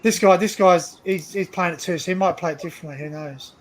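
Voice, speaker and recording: A man's voice: sits high, a little fast, slight background noise. A man hosting a live stream, chatting casually, joking and rambling and swearing freely. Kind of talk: casual chat.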